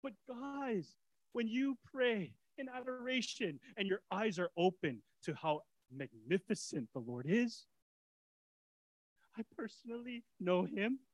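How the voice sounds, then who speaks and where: A man preaching a sermon as pastor in a casual way, swinging from soft, quiet lines to excited shouting. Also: high voice, a little slow, dry recording, rough recording. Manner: casual preacher's talk with fillers and repeats.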